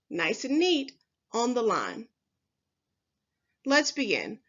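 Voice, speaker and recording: A woman teacher giving a recorded first grade phonics lesson, speaking slowly and clearly to young children with encouraging words. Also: on the high side, a bit bright, dull audio. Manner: slow, clearly enunciated, encouraging teacher talk.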